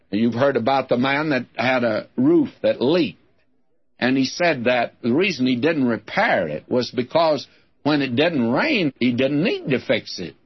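An older man teaching through Bible verses in a sermon, deliberate, with folksy asides and a husky voice. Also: medium pitch. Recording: dull lo-fi recording.

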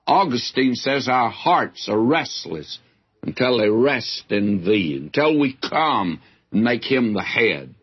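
A man preaches verse by verse at an unhurried, slow pace, stopping for folksy asides. His voice is a little husky. The old recording sounds dull and lo-fi. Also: mid-range voice. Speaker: Bible teacher. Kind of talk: sermon.

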